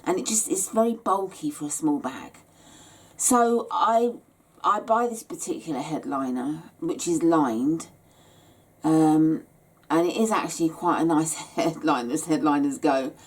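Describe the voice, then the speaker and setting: Tired, low-voiced woman teaching sewing. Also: unhurried, breathy edge. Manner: chatty and rambling, many hesitations. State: tired, yawning. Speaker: sewing tutorial host. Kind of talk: casual step-by-step craft tutorial.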